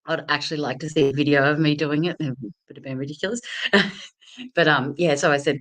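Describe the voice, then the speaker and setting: A woman's voice: very deep voice, steady tone, a little fast, fairly bright tone. A woman hosting a casual live talk, telling a personal story with many fillers, restarts and laughs. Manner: chatty, lots of fillers and restarts, laughs often. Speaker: host of a confidence talk.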